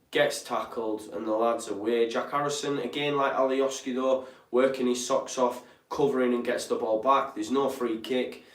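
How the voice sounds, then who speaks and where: A young man with a mid-range voice hosts a live football watch-along, chatty and tired, yawning as he reads out viewer comments. He says um a lot and apologizes often. He sits off-mic, so he sounds distant in a roomy, echoey space.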